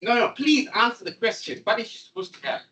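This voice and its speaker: A man giving a classroom programming lecture, animated and repetitive as he coaxes his students along. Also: very high voice, fast. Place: lecture room. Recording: voice distant from the mic.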